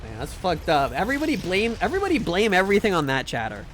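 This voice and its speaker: A man's voice: sits high, huge pitch swings, fast, a bit bright, a little hiss or hum. A man streaming a game live, chatting in a rambling, jokey and crude way. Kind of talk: casual gaming stream chat.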